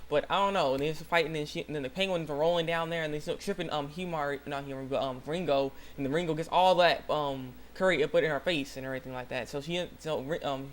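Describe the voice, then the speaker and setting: A young man with a somewhat high voice hosts his own channel with a casual recap. He rambles excitedly, stacking fillers and starting sentences over. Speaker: channel host. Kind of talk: casual anime episode recap.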